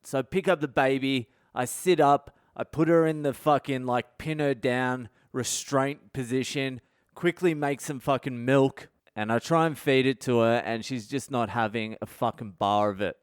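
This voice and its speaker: A man's voice: medium pitch, steady tone, normal speed, clear, resonant tone, no room sound, clean studio sound. Aussie guy rambling a funny story on his podcast, swears constantly, clean resonant voice. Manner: heavy swearing, rambling and candid. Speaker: podcast host. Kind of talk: comedic storytelling monologue.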